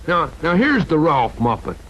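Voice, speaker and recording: A man voicing a friendly puppet dog pitching a toy, chatty and a bit flustered. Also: very animated, moderate pace, fairly bright tone, a little hiss or hum. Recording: dull lo-fi vintage TV audio.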